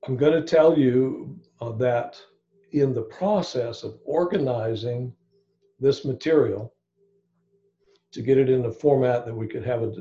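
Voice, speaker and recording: A man's voice: medium pitch, measured pace, warm tone, highs cut off. A man giving an informal evening Bible study, thinking aloud with frequent restarts and asides.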